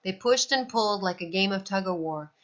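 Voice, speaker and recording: A woman reading a children's novel aloud in an expressive storytelling voice, in a slightly dull recording. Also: mid-range voice, brisk.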